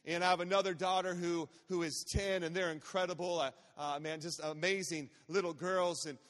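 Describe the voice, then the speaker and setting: A high-voiced man in his forties, preaching as a guest pastor, tells family stories in a chatty, joking sermon style and keeps tossing call-outs to the crowd. His intonation is fairly even, his speed normal, and his tone a bit bright, with a long reverb carrying through a large church sanctuary.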